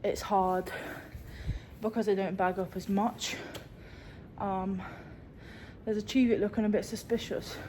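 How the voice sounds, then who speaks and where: With slight background noise, a woman speaks at a measured pace in a medium, a little mellow voice with fairly even intonation. She's a sheep farmer doing chores outdoors on her farm, chatting casually for a vlog with many ums.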